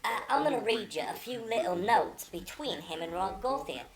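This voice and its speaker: A woman's voice: mid-range voice, animated, moderate pace, gravelly, a crowd in the background. A woman hosting her own channel, giving indignant, mocking commentary as she reads out messages, swearing freely. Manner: profane, mocking and exasperated. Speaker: channel host.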